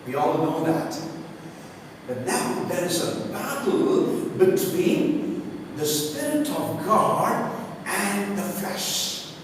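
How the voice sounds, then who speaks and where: A man's voice: high voice, sing-song, extremely slow. A male pastor preaching a sermon, emphatic and repetitive, talking straight to his congregation. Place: church hall with a congregation. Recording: echoey hall, recorded from far off with background noise.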